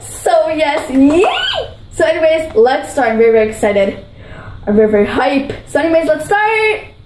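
A high-voiced woman gushes over food in an excitable vlog, bubbly and repeating her praise. Her voice rings in an echoey room, with a faint hiss behind it. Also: moderate pace. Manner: bubbly, gushing, repeats herself. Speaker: vlogger.

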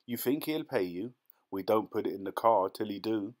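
A man voicing a blunt, greedy male farmer who speaks gruffly. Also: lowish voice, animated, moderate pace, natural voice.

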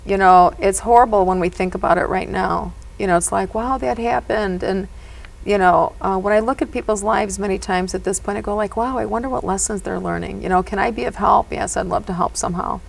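A woman speaking as a psychic medium guest, telling stories in an animated, earnest way. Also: medium pitch, brisk, vocal fry, rough recording. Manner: animated and earnest, often says "you know". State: emotional at moments. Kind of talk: storytelling in a conversation.

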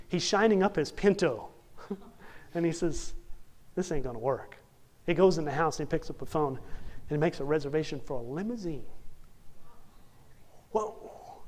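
A young man delivers a sermon as a lively, joking story, slipping into the voices of its characters. His voice sits on the higher side for a man. He swings from loud, excited bursts to quiet, earnest asides. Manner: animated, jokey, acts out characters. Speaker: preacher.

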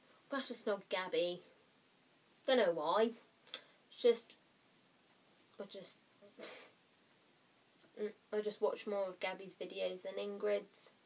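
A woman's voice: mid-range voice, steady tone, takes it slowly, long pauses, darkish tone. Chatty rambling young woman vlogger. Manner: rambling, apologetic, giggly, drops to whispers. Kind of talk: casual chatty vlog.

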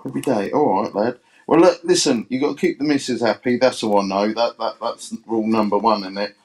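A man's voice: medium pitch, a little fast. Rambling man on a livestream. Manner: rambling, hesitant, friendly. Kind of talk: casual livestream chat.

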